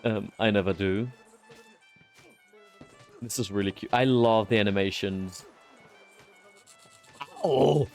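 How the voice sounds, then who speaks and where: A man's voice: on the low side, takes it slowly, long pauses, darkish tone, faint music behind. A man streaming a game, chatting casually, easily delighted and cursing now and then. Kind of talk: casual gameplay commentary.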